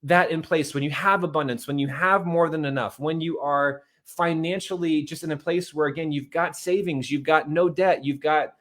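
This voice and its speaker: A man in his thirties giving a fast, repetitive motivational talk on money and marriage, often calling his listeners "guys.". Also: on the high side, fairly even intonation, fairly bright tone. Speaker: host.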